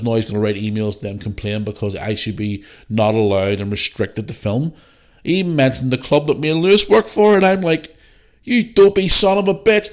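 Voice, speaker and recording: A man hosting his podcast, talking bluntly and swearing freely as he rants. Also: fairly low pitch. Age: adult parent. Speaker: podcast host. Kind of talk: casual solo podcast talk.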